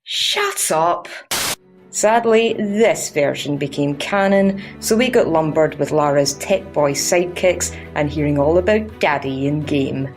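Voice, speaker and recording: A woman's voice: deep voice, measured pace, hardly any pauses, darkish tone, soft background music. Sweary Scottish woman reviewing games. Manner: sarcastic, crude and cheeky. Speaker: game reviewer. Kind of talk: scripted sweary review narration.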